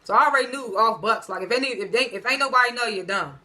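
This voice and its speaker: Woman talking through a show episode, slangy and chatty, sharp bright voice. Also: on the high side, quick pace. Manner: chatty, slangy, laughs between lines. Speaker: TV episode reviewer. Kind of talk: casual episode recap.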